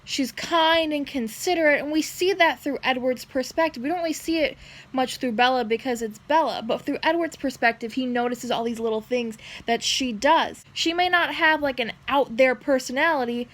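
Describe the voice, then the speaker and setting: A young woman book vlogger reacting to a novel as she reads, gushing, swearing and jumping into excited shrieks. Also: sits high, normal speed.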